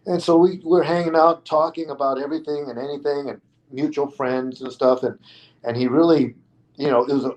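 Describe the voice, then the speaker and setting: A middle-aged man, a stuntman being interviewed, telling a story in a casual, animated way and acting out the other people's lines. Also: fairly high pitch, fairly quick, muffled recording.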